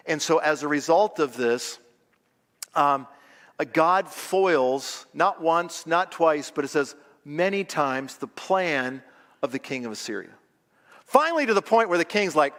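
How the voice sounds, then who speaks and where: A male pastor with a notably high voice delivers a lively, dramatized sermon from a church stage. His words ring out with a long reverb off the hall around him. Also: normal speed. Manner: animated storytelling preacher, acting out scenes. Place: church auditorium.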